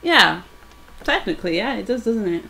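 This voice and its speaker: A woman's voice: medium pitch, sing-song, moderate pace, vocal fry, sharp tone, rough recording. Giggly British woman chatting casually. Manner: giggly, chatty, lots of fillers. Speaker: tabletop role-play player. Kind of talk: casual chat during an online live game. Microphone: voice-chat microphone.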